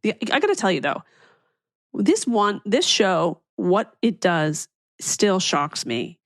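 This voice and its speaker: A woman in her forties hosts a casual podcast conversation. She is emphatic and jumps in often with quick agreement. Her pitch moves a lot, and the recording is dry and close. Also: very animated, no echo. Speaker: podcast host.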